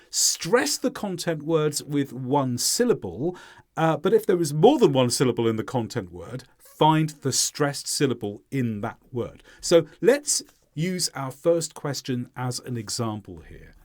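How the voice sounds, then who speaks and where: Brief: male English teacher with a lively, sing-song delivery who demonstrates stress patterns slowly and clearly. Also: fairly high pitch. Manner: clear, deliberate modeling of stressed words. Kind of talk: pronunciation lesson.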